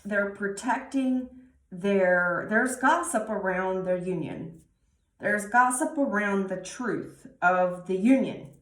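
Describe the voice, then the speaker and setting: A woman giving a tarot reading, talking slowly and musingly with many pauses and restarts. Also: mid-range voice, fairly bright tone, reverberant. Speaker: tarot reader.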